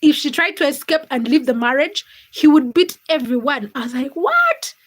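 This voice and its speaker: A woman's voice: high voice, brisk. A woman hosting a casual livestream from home, chatting and gossiping straight to her viewers while she cooks. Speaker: livestream host. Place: home, cooking during livestream.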